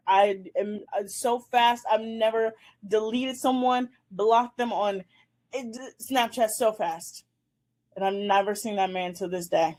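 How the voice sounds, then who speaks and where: A woman's voice: medium pitch, fairly even intonation, takes it slowly, a little mellow. A woman in her twenties hosting a casual chat show, animatedly telling a dating story and acting out the scenes. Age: 20s. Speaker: host.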